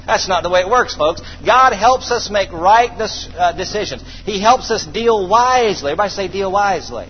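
A man preaching a sermon to a congregation, calling for responses and praising, slowing down to read scripture. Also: sits high, expressive. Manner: call-and-response, exclamations of praise. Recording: dull distant hall sound, faint noise.

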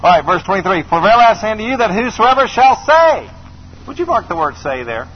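A man's voice: high voice, sing-song, fast, husky. A middle-aged man preaching a sermon emphatically, repeating phrases and calling on the congregation to answer. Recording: slightly dull recording with faint noise.

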